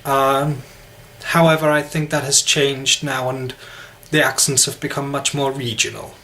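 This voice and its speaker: A man's voice: medium pitch, steady tone, moderate pace, pushed and bright. A man with an English Midlands accent, an English teacher talking casually to camera in a rambling, self-deprecating way.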